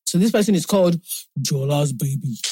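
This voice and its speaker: A woman co-hosts a podcast in relaxed, chatty talk. She tells stories animatedly and laughs often. The sound is dry and close. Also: on the low side, husky, no echo. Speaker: podcast co-host. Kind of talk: casual chat.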